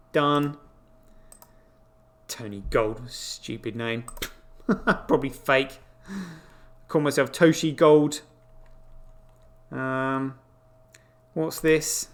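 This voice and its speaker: Incredulous high-voiced man. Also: a bit bright. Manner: exclaiming, incredulous, swearing asides. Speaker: crypto show host. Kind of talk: casual live commentary on screen.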